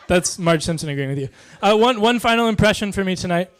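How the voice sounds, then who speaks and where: A man doing stand-up comedy, delivering deadpan one-liners in a dry, soft-spoken way. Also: sits high, slight background noise.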